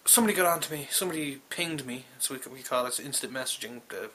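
A man's voice: medium pitch, lively intonation, fast talker, pushed and bright, slight background noise. A young Irish man who works in a call centre, telling a rambling, exasperated, profane anecdote with lots of restarts. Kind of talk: casual spoken anecdote.

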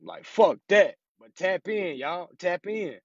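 A man's voice: high voice, animated, takes it slowly, no room sound. A man teaching consumer law in a casual, profane, emphatic monologue, saying "you know what I'm saying" over and over. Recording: dry, slightly dull lo-fi recording.

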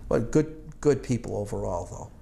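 Low-voiced older man reminiscing. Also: animated, normal speed, creaky, warm tone. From Boston, United States. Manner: rambling and chuckling, with many fillers and restarts. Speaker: Army veteran interviewee. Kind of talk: oral history recollection.

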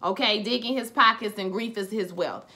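A woman giving a casual, animated recap of a TV episode, talking in slang straight to her viewers. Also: mid-range voice, moderate pace. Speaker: TV episode reviewer.

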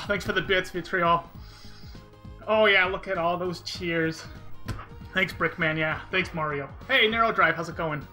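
A speedrun streamer at home, talking excitedly on a live stream, sighing often and thanking viewers one by one. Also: mid-range voice, measured pace, long pauses, faint music behind. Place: room at home with a window.

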